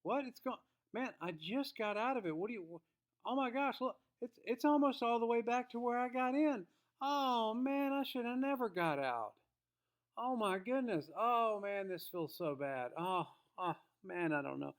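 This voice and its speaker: A man acting out a panicky day trader who is losing money. He frets and exclaims to himself in a fairly high voice. He keeps muttering about what to do next. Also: normal speed, natural voice. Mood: panicked. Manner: fretting, exclaiming, talking to himself. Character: anxious losing male day trader, fretful.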